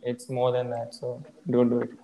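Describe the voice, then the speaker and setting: A man's voice: mid-range voice, completely flat delivery, normal speed, mellow. A man of about twenty hosting a podcast, talking casually and rambling with lots of fillers. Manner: laid-back, rambling with many fillers. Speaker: podcast host. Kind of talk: casual chat. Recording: echoey room with long reverb.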